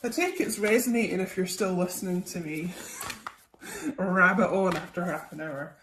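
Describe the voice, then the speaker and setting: A woman's voice: on the low side, expressive, normal speed, fairly bright tone. A young woman, a tarot reader, chatting casually through a psychic reading with lots of ums and okays. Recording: echoey room, faint noise.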